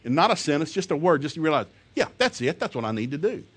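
A man preaches a sermon to a congregation in a homespun, emphatic voice. He chuckles between lines, then climbs to loud, fervent peaks whenever he quotes scripture. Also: fairly high pitch, big pitch swings, fast talker, slightly rough. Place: church service before a congregation.

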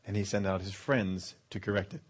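A man's voice: low voice, steady tone, brisk, slightly rough. A man preaching a sermon, retelling scripture and voicing what the people in the story might have said. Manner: storytelling preacher, acting out the centurion's words. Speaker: pastor.

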